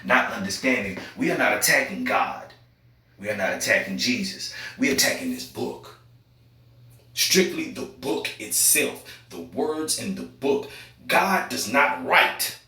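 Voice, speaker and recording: A young man with an African American Vernacular English accent delivers a heated, preachy monologue. He repeats his phrases and swings between loud outbursts and quiet, low stretches. His voice rings through a very echoey room, picked up from far off. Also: expressive, measured pace. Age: young adult. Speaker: podcast host. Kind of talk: impassioned monologue.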